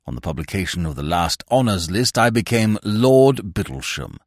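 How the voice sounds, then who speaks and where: Male narrator playing a stiff, self-important old lord, low and slow, over 60, dry booth sound. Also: sing-song, no echo, full character voice. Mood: pompous. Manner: slow, ponderous, deep and measured. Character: pompous elderly male peer, stiff and formal.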